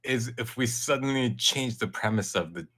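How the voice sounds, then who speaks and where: A man's voice: medium pitch, moderate pace, pushed and bright. A man co-hosting a podcast in casual chat, dry and laid-back. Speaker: podcast co-host.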